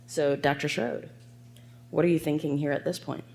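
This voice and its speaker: Hoarse woman moderating a medical panel. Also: low voice, moderate pace, a little hiss or hum. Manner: reads case details in an even, clinical way. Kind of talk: presenting a clinical case at a medical conference. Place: conference hall.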